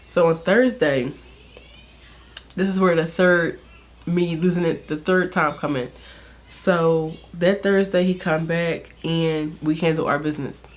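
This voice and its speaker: A woman's voice: low voice, steady tone, a little slow, slight background noise. A young woman vlogger telling a personal story in a candid, chatty way, laughing often and using lots of fillers. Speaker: beauty vlogger. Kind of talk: casual storytime.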